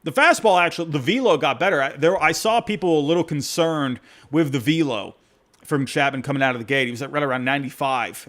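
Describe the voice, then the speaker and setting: A man hosting a postgame baseball reaction show, talking in an excitable, rambling way that keeps breaking off and restarting. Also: on the high side, fast talker. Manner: excitable, rambling, self-interrupting. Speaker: podcast host.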